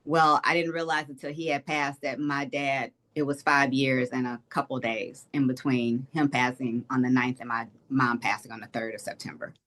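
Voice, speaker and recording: A woman's voice: a bass voice, little pitch movement, moderate pace, few pauses, fairly bright tone. Woman from Detroit, interview guest recounting family loss, earnest and reflective. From Detroit, Michigan. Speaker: state representative, guest. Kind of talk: personal testimony in an interview.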